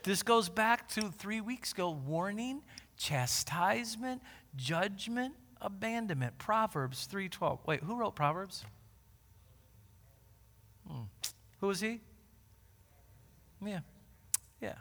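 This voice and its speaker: A high, bright-voiced man in his forties delivers a lively sermon, dropping to near-conversational asides and then surging into loud, emphatic repetitions. His voice rings out with a long reverb, as in a large church hall. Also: slow, pauses often. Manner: animated, swings from quiet asides to loud emphatic bursts. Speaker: pastor.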